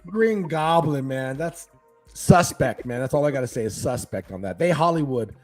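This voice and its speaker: A husky-voiced middle-aged man talks as a guest on a casual podcast. He jokes easily, draws his words out, and rides up and down in pitch. Faint music plays underneath. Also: lively intonation. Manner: laid-back, joking, drawn-out slang. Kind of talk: casual chat.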